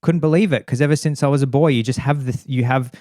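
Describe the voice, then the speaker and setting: A man's voice: mid-range voice, quick pace, no echo. A man co-hosting a comedy podcast, telling stories in a mid-range voice. He chats casually and slips into other voices to act out his anecdotes. The sound is dry and close to the mic. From Australia. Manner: animated storytelling, acting out voices of others. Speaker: podcast co-host.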